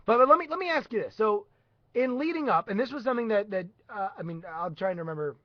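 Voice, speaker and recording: A male host with a high voice talks in a rambling way, circling back and restarting his questions. The sound is dry and dull, like a lo-fi stream. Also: animated, fast, dry recording. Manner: rambling, hesitant, many restarts. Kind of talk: casual live-stream chat.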